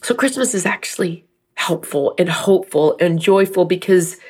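A woman's voice: on the low side, animated, moderate pace, darkish tone, husky. A middle-aged woman talking candidly about faith and grief, emotional and rambling, teary at times. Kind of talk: personal faith talk.

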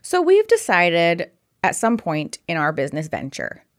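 A woman's voice: fairly low pitch, huge pitch swings. Enthusiastic young woman podcast co-host. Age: young adult. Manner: enthusiastic, quick agreeing interjections. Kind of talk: casual chat.

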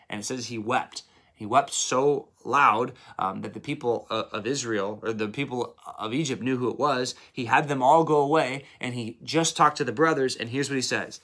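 Male Bible teacher, conversational devotional, mid-pitched, animated retelling. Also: normal speed. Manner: retells scripture in lively paraphrase with acted quotes.

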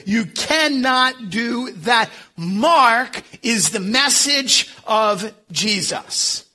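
Pastor with a Philadelphia accent, a man in his fifties, high, bright voice, homespun and self-mocking in the pulpit. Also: expressive, very slow, few pauses. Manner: folksy, self-deprecating humor with frequent um and uh. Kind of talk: sermon.

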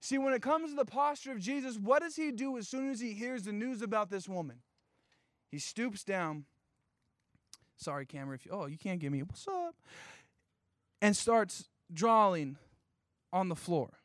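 Young male youth pastor, high voice, dry close sound, lively joking sermon. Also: normal speed, pauses often, no echo. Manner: animated storytelling with playful asides and slang.

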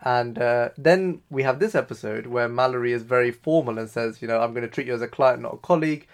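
A man's voice: mid-range voice, quick pace. A man co-hosting a talk show, casually retelling scenes and quoting dialogue loosely. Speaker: podcast co-host. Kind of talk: casual recap discussion.

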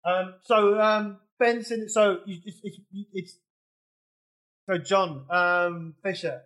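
A man hosting a casual podcast discussion, halting and full of fillers as he asks questions. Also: high voice, fairly even intonation, a bit bright, poor audio. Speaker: podcast host. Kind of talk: casual chat.

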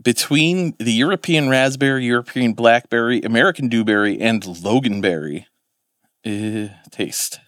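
A man's voice: medium pitch, normal speed, a bit bright, no room sound, studio quality. A man, co-hosting a podcast in casual chat, rambling and swearing as he corrects himself. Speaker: podcast co-host.

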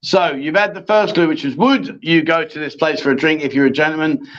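A man's voice: fairly high pitch, brisk, a bit bright. A man hosting a casual live-stream chat show, chatty and bantering with his co-host. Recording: dull lo-fi stream audio.

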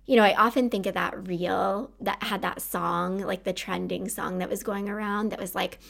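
A woman in her thirties speaks as a podcast host, earnest and encouraging. Her voice has a gravelly fry running through it at a middling pitch. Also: fairly even intonation, normal speed. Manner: earnest and encouraging, warm laughs. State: tearful at times. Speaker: podcast host and anxiety coach. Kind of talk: heartfelt solo podcast talk.

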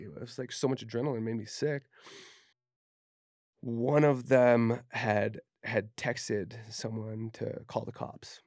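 A man's voice: lowish voice, a little mellow, no room sound, studio quality. A man from Utah, a tattoo artist guest on a podcast, telling his story in a candid, profane, casual way and acting out what people said. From Utah, USA. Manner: candid, profane, acts out quoted speech.

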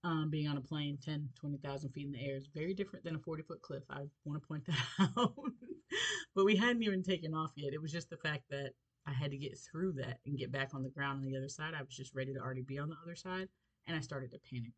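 Middle-aged woman podcaster, animated storyteller, chatty faith talk. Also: deep voice, fast, husky, poor audio. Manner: expressive, animated storyteller with light laughs. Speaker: podcast host.

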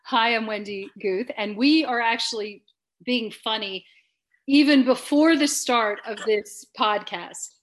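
A woman's voice: on the high side, a little slow. A woman co-hosting a podcast in casual chat, giggly and rambling, poking fun at herself. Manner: giggly, rambling, self-mocking. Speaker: podcast co-host.

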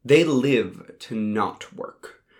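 A man's voice: mid-range voice, expressive, extremely slow. Wry male audiobook narrator. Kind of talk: first-person audiobook narration.

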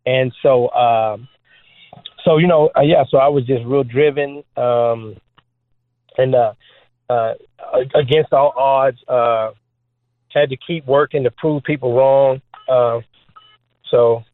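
A man who is a former trick basketball player, guest on an interview show, telling stories in an animated, joking way with many fillers. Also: mid-range voice, slow pace, pauses often, no room sound. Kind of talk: storytelling interview talk. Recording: phone-like dry line.

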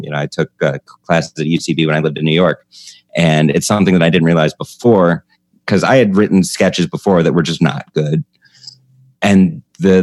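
A man's voice: low-pitched, no echo. A man who hosts a comedy podcast, talking casually about stand-up craft, chatty and laughing often. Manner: chatty, laughs often, animated when telling stories.

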